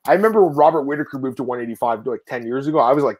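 A man hosting a casual fight-sport podcast, rambling and animated, telling stories with laughs and swearing, often calling out to the viewers. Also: medium pitch, rapid-fire. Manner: addresses viewers as guys. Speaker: podcast host. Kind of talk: casual MMA podcast chat.

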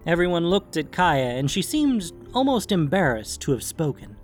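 Expressive male audiobook narrator. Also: on the high side, moderate pace, faint music behind. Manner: expressive storytelling. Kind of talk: scripted narration.

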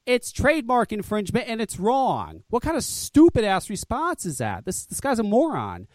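Heated high-voiced man ranting. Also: wildly swooping pitch, moderate pace, a little mellow, no room sound. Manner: angry, profane, emphatic ranting. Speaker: podcast co-host. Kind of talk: heated podcast rant.

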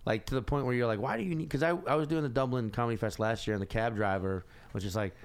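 A man who is a comedian guest, telling animated, joking stories with some swearing. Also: medium pitch, fast. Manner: animated storyteller, swears, jokes. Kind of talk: casual chat.

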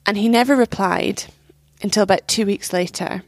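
A woman's voice: mid-range voice, moderate pace, no echo. A young woman telling a painful personal story as an interview guest, candid and swearing, acting out what others said.

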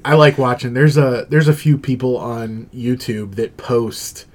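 A man co-hosting a casual chat show, going over box office news in a relaxed way with fillers. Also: medium pitch, measured pace. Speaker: podcast co-host presenting box office news.

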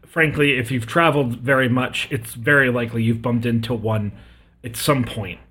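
A man's voice: mid-range voice, steady tone, normal speed, fairly bright tone, slightly rough. A man running a tabletop game as game master, explaining rules in a casual way.

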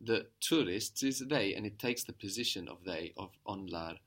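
A man's voice: on the low side, animated, fairly bright tone. A man teaching a language lesson, patient and encouraging, prompting a student step by step. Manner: patient, encouraging, slow and deliberate.

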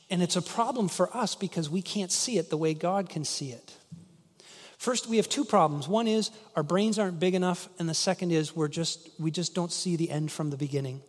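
Man, pastor, sermon, very high voice, animated storytelling, long hall reverb.

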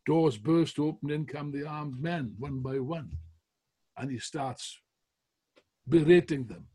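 Husky-voiced man telling history. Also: a little high, slow. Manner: animated, frequent restarts, chuckles while telling. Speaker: podcast speaker on history. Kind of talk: storytelling history talk.

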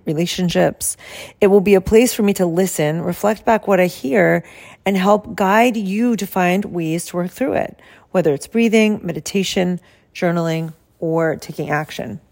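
A woman health coach who explains her service in a soft, calm and soothing way and guides slow breathing. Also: lowish voice, vocal fry.

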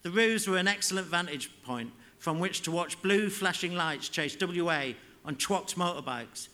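Man, author reading, bright clear voice, fairly high pitch, measured storytelling. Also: animated. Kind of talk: live reading of fiction.

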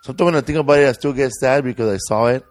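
A man's voice: mid-range voice, racing, no room sound. A man talking in a rambling, emotional way in casual conversation, with joking asides. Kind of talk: casual chat.

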